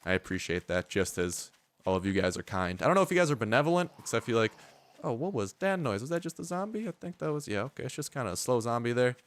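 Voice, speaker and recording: A man's voice: medium pitch, a bit bright, no echo. A young man giving rambling, joking commentary while playing a survival video game. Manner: joking, rambling, playful mock speeches. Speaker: gaming YouTuber. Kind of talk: casual gameplay commentary.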